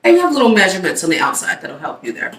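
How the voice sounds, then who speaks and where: A woman's voice: medium pitch, sing-song, very fast, fairly bright tone. A woman hosting a casual cooking demo, chatty and upbeat, talking straight to her viewers. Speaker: cooking video host. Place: home kitchen. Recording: echoey room, mic at a distance.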